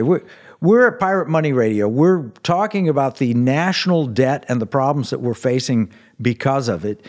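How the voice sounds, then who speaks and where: A man's voice: medium pitch, darkish tone. Male radio host, earnest explainer, restarts often, mid-range voice. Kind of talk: talk radio discussion.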